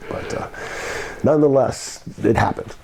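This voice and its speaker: A man's voice: medium pitch, normal speed, gravelly, darkish tone, a little hiss or hum. An older man, a former wrestler, telling rambling anecdotes with laughter in a shoot interview. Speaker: guest, former pro wrestler.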